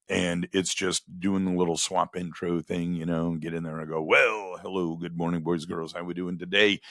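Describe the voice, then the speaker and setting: A man telling casual stories about running a radio station, acting out the dialogue with lively energy. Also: low-pitched, no echo, studio quality. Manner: animated, acts out quoted dialogue. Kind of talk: casual storytelling monologue.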